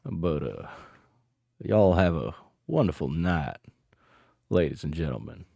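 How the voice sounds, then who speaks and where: A man's voice: a bass voice, sing-song, slow pace, gravelly, warm tone, dry recording, studio quality, voice pushed down, heavily acted. A man doing a hammy, folksy Texas cowboy voice, drawing out cowboy phrases as he signs off a stream.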